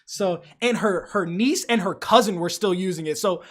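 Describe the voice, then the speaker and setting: A man's voice: high-pitched, normal speed. A young man hosting a live stream, chatting casually, swearing freely and telling stories with animation while reading out chat. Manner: profane, animated storytelling, reads chat aloud. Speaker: livestream host.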